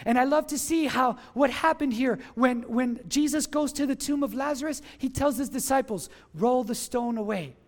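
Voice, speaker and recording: A pastor preaching a sermon at a church service, impassioned, rising into shouts and calling on the congregation to respond. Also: high-pitched, normal speed, hardly any pauses.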